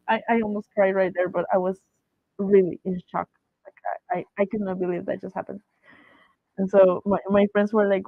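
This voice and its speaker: A woman's voice: mid-range voice, moderate pace, creaky, dry recording. Giggly woman telling a fan story. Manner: excited, gushing, giggly. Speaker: fan artist vlogger. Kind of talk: casual story time. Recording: tinny phone-like, dry.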